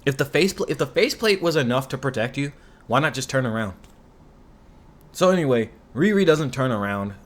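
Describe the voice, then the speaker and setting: Brisk and animated, this man's medium-pitched voice drives a rambling rant through a show's storyline. He's a commentary YouTuber who curses liberally and gets sarcastic when things irritate him, his voice staying in a plain middle range.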